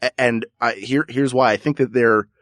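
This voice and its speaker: A man's voice: mid-range voice, fairly even intonation, normal speed, fairly bright tone, no echo. Dry-sounding man, rambling comedic co-host. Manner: rambling, jokey, puts on silly voices. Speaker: podcast co-host. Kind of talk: casual comedic chat.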